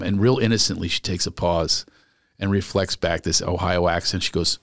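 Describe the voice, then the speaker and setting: Man, comedian, casual chat, animated storyteller, gravelly voice, dry sound. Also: deep voice, fairly quick, no room sound. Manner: animated storyteller, acts out quotes. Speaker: stand-up comic.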